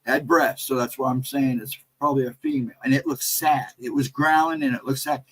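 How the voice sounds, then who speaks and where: A middle-aged American man hosting a casual livestream, telling a story in a rambling, animated way and reading out chat messages. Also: mid-range voice, fairly quick, slightly rough, low-quality recording. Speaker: livestream host.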